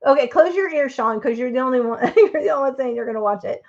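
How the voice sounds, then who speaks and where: A rather high-pitched woman hosts a live stream in a loose, rambling, chatty way, answering the chat as she goes. Her voice comes through dull and lo-fi, with the top end muffled. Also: animated, quick pace, darkish tone.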